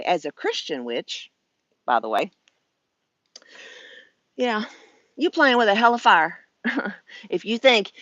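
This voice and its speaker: A woman's voice: mid-range voice, pushed and bright, no echo, muffled recording. A woman talking casually to camera as a vlog host, chatty and emphatic, laughing often. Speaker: vlogger host.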